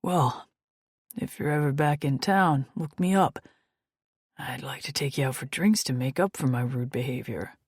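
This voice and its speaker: A woman's voice: a bass voice, normal speed, breathy edge, no echo, clean studio sound, heavily acted. A woman voicing a charming biker with a slight Italian accent. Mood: courteous.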